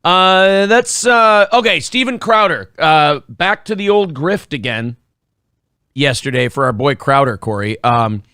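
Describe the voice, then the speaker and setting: A man's voice: fairly high pitch, animated, measured pace, pushed and bright, smooth, dry recording, clean studio sound. Blunt, profane male show host. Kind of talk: casual chat.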